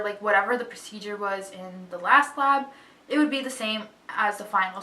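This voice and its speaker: A young woman vlogger telling a personal story in a chatty, candid, expressive way. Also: medium pitch. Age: young adult. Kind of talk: casual storytelling to camera. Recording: echoey room, voice a bit far from mic.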